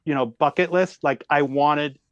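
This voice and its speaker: A man in his fifties, a comedian, spinning a story with big, animated energy and constant laughing emphasis. His voice sits a bit high for a man. The sound is close and dry, with no room around it. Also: normal speed, no echo, lo-fi sound. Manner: lively, exaggerated, laughing at his own story. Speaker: comedian guest.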